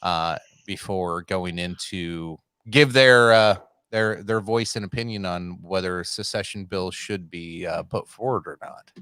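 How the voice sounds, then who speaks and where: A man with a fairly low voice co-hosting a podcast, reading out headlines and throwing in jokes. The sound is close and dry. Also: measured pace, hardly any pauses, pushed and bright, smooth, no room sound. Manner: joking, reads headlines aloud. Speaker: podcast co-host. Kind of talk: casual political chat.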